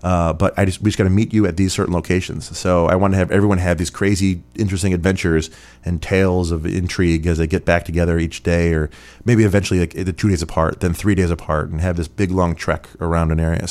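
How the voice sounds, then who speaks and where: A man's voice: low-pitched, darkish tone. A man hosting a podcast, answering listener questions in a rambling, chatty way. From Rochester, New York. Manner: rambling, chatty, many fillers. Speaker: podcast host. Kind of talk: casual listener Q&A.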